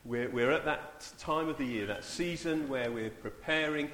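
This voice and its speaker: A man leading a church service in an informal, halting way, often repeating his words. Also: mid-range voice, a bit bright, slight background noise. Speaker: church leader. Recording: echoey church hall, far mic.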